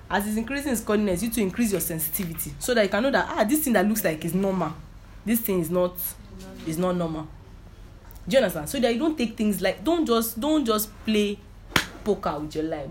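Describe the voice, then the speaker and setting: Over a slight hiss or hum, a woman preacher with a mid-range, darkish voice gives an informal sermon drawn from her own testimony. Repetitive and emphatic, she often checks that her listeners are following.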